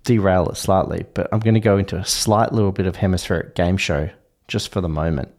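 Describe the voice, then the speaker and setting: A man's voice: low voice, fairly even intonation, fast, darkish tone. A man hosting a casual podcast chat, playful and a bit hesitant, with trailing fillers. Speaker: podcast host.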